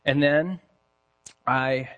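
A man preaching a sermon, telling a story with deliberate pacing and dramatic pauses. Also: medium pitch, steady tone, a bit bright, muffled recording. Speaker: pastor.

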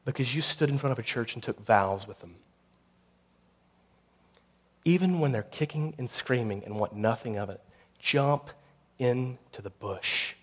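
A man, the pastor, delivering a sermon that builds to intense storytelling and closes in a quiet prayer. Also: mid-range voice, animated, measured pace, breathy edge.

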